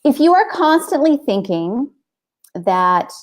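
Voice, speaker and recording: A woman's voice: high voice, sing-song, slow pace. A middle-aged woman hosting a live coaching show, talking casually and telling stories with many "like"s and "right?"s. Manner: chatty, storytelling, frequent "like" and "right?".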